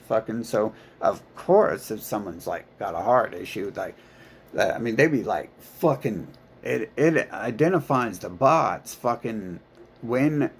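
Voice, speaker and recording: A man's voice: medium pitch, vocal fry, breathy edge. A man talking in a rambling, profane monologue full of filler words and restarts.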